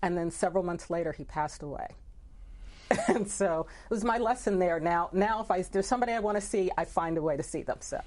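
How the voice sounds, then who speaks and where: A woman's voice: lowish voice, fairly quick, a little mellow. A woman who works as a newspaper editor, speaking reflectively in an interview, with many "you know" asides. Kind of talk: conversational interview.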